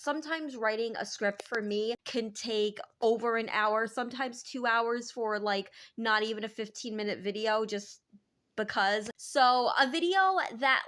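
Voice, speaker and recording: A woman's voice: fairly high pitch, a bit bright. A young woman talking casually to her viewers in a vlog, chatty and self-deprecating. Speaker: vlogger.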